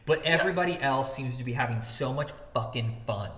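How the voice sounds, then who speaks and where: A man from Indiana co-hosting a casual movie podcast, animated and profane, laughing often. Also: mid-range voice, fairly quick. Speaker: podcast co-host. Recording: echoey room with long reverb.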